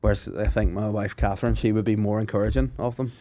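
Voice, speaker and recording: A man's voice: fairly low pitch, fairly even intonation, quick pace, warm tone. A man co-hosting a podcast, blunt and sweary, laughing often in casual banter. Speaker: podcast co-host.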